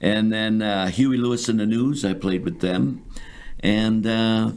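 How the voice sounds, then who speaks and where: An older man, a musician, recalls old shows in a rambling, halting way full of restarts. His voice sits fairly low. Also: a little mellow. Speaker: guest, musician. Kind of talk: reminiscing chat.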